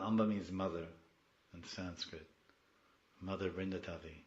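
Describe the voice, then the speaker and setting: A man giving a devotional class, moving between soft storytelling and loud, pleading prayers. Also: deep voice, steady tone, a little slow, long pauses, reverberant, dull audio.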